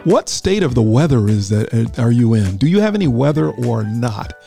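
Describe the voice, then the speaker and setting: A man's voice: medium pitch, very animated, moderate pace, vocal fry, dark tone. A man hosting a live radio and stream show, chatting casually with listeners and laughing at his own jokes. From North Carolina. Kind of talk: casual live show chat with chat roll call. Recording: music playing behind the voice.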